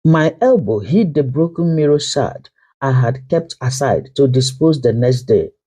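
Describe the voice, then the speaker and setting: A woman narrating a dramatic first-person story with slow, emotional delivery. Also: very deep voice, big pitch swings, dark tone, slightly rough.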